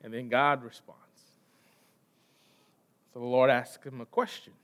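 An American pastor preaches a sermon in a conversational way, asking the congregation questions. His medium-pitched voice is level and measured, swinging from loud emphasis to quiet, trailing line endings.

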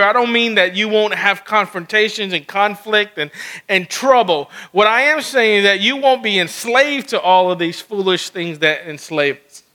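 A man's voice: high voice, sharp tone. A man preaching a sermon, acting out quoted lines as he teaches. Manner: preaching, acts out God's words in quoted asides. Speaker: pastor.

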